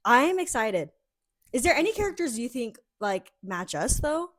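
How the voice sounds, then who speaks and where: A young adult woman co-hosting a podcast in casual chat, excitable and gushing. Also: on the high side, moderate pace, no room sound, clean studio sound. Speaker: podcast co-host.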